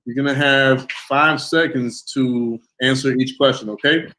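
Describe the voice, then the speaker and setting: A man's voice: medium pitch, measured pace, low-quality recording. Easygoing male interview host. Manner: relaxed, easygoing, often trails off with fillers. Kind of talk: casual interview chat.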